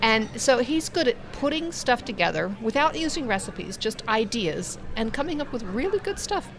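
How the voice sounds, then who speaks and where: A woman's voice: on the high side, sing-song, moderate pace, a crowd in the background. A woman on a casual podcast panel, speaking bluntly and matter-of-factly.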